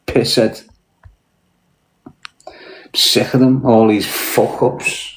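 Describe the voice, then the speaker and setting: A man's voice: mid-range voice, unhurried, darkish tone, reverberant. A man with a Scouse accent from Liverpool, hosting a casual live-stream. He talks bluntly, swears heavily and confronts people. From Liverpool, England. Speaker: podcast host.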